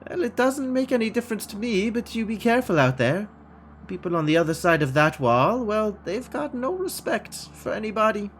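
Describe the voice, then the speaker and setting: A man's voice: sits high, very animated, brisk, slight background noise, voice pushed up. A man voicing a matronly, kindly middle-aged female food cart vendor in a game, homely and chatty. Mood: cautioning.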